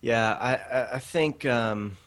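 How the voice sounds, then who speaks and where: A guest author in his late thirties speaks on a faith podcast in a conversational interview, talking earnestly and telling animated stories full of quoted asides. His voice is mid-range and slow.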